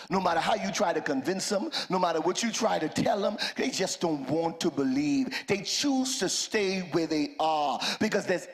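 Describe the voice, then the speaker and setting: High, gravelly preacher man, shouting. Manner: rising to shouts, playful and rousing. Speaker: pastor. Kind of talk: call-and-response sermon. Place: church sanctuary.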